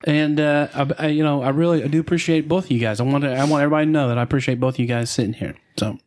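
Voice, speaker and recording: Male co-host, bit high-pitched, chatty rambling storyteller who keeps laughing. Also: rapid-fire, a little mellow. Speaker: podcast co-host. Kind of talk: casual podcast banter.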